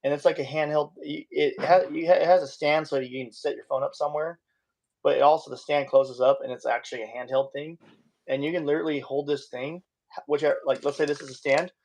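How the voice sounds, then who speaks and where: Rambling gravelly man in casual chat. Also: fast talker. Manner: rambling, animated, voice jumps high when excited. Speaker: live streamer.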